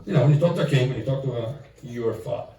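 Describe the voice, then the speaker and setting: A middle-aged man from Italy, a rabbi, telling an animated story at a gathering and dropping in Yiddish and Italian phrases. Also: mid-range voice, rapid-fire. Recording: roomy echo from far off.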